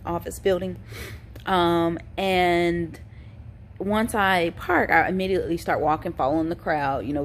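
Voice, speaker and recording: A woman's voice: on the low side, slight background noise. A tired woman, chatting casually to her viewers with lots of ums and sighs while she recovers from a sore throat. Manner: chatty, informal, addresses viewers as y'all, frequent ums and sighs. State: tired, yawning. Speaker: vlogger. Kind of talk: casual chat to camera.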